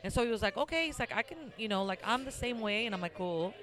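A woman's voice: mid-range voice, fast talker. A woman hosting a podcast in casual chat, telling stories animatedly, acting out both sides and swearing freely. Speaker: podcast host.

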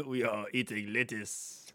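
A man co-hosting a film commentary podcast with a mid-range voice. He tells his stories in a relaxed way. He drops chuckling asides into the chat. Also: mid-range voice, slow pace, slight background noise. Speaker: podcast co-host. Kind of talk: casual movie commentary chat.

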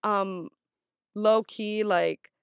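A young woman tells a story to her vlog audience in a loose, chatty way. She swears freely and strings her thoughts together with fillers. Her voice sits at a middling pitch and sounds dry and close, with no room echo. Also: fairly even intonation, extremely slow, creaky, smooth. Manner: profane, chatty, full of "like" fillers. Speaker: vlogger. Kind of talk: casual storytelling.

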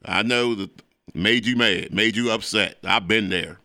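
Preacher guy hosting his show, repeats himself for emphasis, gets all excitable, bright punchy tone. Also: on the low side, a little slow, dry recording, studio quality. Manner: emphatic and repetitive, grows excitable. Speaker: preacher and host. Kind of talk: preaching monologue mixed with sports talk.

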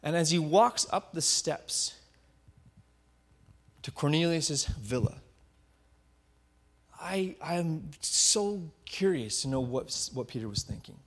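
A man preaching a sermon, retelling a Bible story vividly and often dropping to a hushed voice for effect. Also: a little high, animated, takes it slowly, pauses often. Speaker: pastor.

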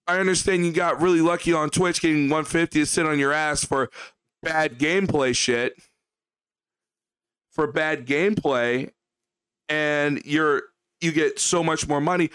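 A male streamer in a heated, profane rant that circles back on the same points again and again. His voice sits fairly high and comes through smooth and clear. The sound is dry and close, with no room around it. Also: fairly bright tone, no room sound. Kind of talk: ranting livestream commentary.

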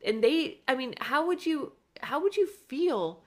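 A woman's voice: high-pitched, lively intonation, unhurried. A woman co-hosting a movie podcast in casual chat, talking bluntly and emphatically and swearing freely. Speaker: podcast co-host.

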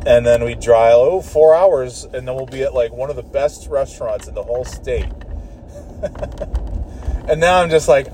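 A man's voice: medium pitch, normal speed, a little mellow, a little hiss or hum. A man ranting casually in a car, rambling, swearing and restarting his sentences. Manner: profane, rambling, exasperated, with frequent restarts.

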